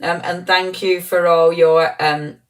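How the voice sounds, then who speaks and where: A woman's voice: fairly low pitch, level tone, slow pace, far from the mic, rough recording. A woman presenting a live craft show in a chatty, gushing, rambling way, full of ums and little laughs.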